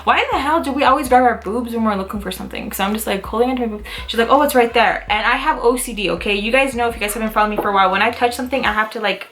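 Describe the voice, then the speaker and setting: Animated young woman vlogger telling a story. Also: a little high, rapid-fire, hardly any pauses, a little hiss or hum. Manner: animated, full of "like" fillers, acts out quotes. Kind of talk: casual storytime. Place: Utah, United States.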